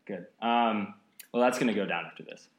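A man's voice: on the low side, a little fast, echoey room. A man in his late twenties from the Seattle area, a podcast guest talking in an easygoing, rambling way with lots of fillers. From Seattle area, United States. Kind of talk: casual interview chat. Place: apartment.

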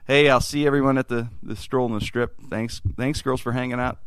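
A man's voice: medium pitch, a little fast, clean tone. A middle-aged man hosting a podcast, telling a story casually and acting out the quotes. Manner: animated, acts out quotes. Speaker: podcast host.

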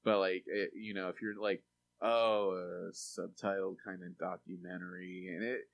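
With a low voice, vocal fry, and a normal speaking speed, this podcast co-host rambles casually about movies, his talk thick with fillers and animated whenever he gets excited. The recording sounds muffled.

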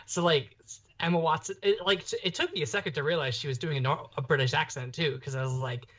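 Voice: medium pitch, quick pace, fairly bright tone. A young adult podcast co-host talking casually about a film, rambling with lots of fillers and restarts. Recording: dull lo-fi podcast audio.

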